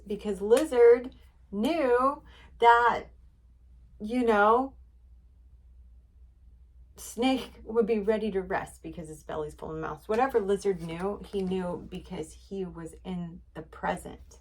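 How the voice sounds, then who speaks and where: A woman's voice: medium pitch, slow, pauses often. A woman running a casual spiritual card reading. She talks in a chatty, rambling way, full of fillers, and she is encouraging and repeats herself. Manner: encouraging, repetitive.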